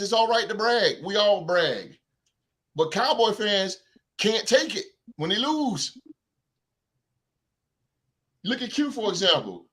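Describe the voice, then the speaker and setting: A man hosting a sports podcast, ranting in an animated, heckling way and mocking rival fans. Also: high voice. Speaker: podcast host. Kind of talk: sports talk rant.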